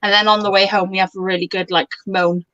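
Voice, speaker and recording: A woman's voice: mid-range voice, little pitch movement, fast, a bit bright, smooth, dry recording. A woman chatting on a video call, telling stories with lots of fillers and restarts. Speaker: guest on a chat stream. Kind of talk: casual group chat. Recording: dull lo-fi video call audio.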